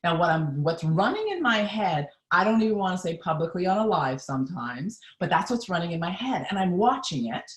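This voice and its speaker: A woman with a slightly low voice coaches her viewers on a live stream. She speaks earnestly and with emphasis, addressing them directly. Her voice carries a roomy echo. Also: sing-song, brisk, few pauses. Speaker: mindset coach.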